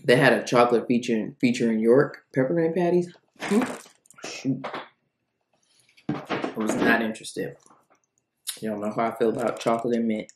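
A woman's voice: extremely low pitch, normal speed, pauses often, roomy sound. A woman reviewing cookies in a casual food vlog, chatty and rambling, thinking aloud between bites.

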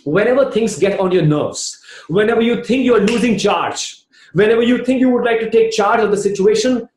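A man giving a lively motivational training talk over a video call, telling stories and calling on participants by name. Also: sits high, a little fast, roomy sound, slight background noise. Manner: animated storytelling, addresses participants by name. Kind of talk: virtual training session talk.

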